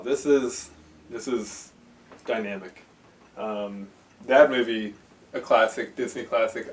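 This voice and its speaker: A man vlogging about VHS movies, rambling with lots of fillers and restarts, recorded on a camcorder in his bedroom. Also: medium pitch. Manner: rambling, filler-heavy, self-interrupting. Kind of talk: casual rambling movie talk. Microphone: handheld camcorder mic. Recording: faint hiss from a camcorder.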